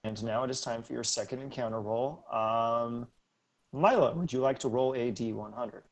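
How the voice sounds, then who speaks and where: A man running a tabletop game as game master, narrating casually with lots of ums and quick laughs. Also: mid-range voice. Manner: casual, easily laughing, with many fillers.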